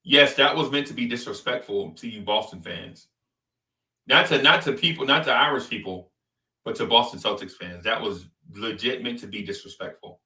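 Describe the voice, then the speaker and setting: A man rants in casual sports talk, animated and repetitive as he trash-talks. His voice is very bright and edgy. He sits back from the mic in a roomy, echoing space. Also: mid-range voice, normal speed, recorded from a distance. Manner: animated, trash-talking, repeats phrases for emphasis. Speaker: sports podcast host.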